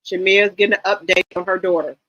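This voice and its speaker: A woman's voice: medium pitch, fairly even intonation, fast talker, a bit bright, highs cut off. A woman giving blunt, profane commentary on a reality show, questioning everything on a casual livestream.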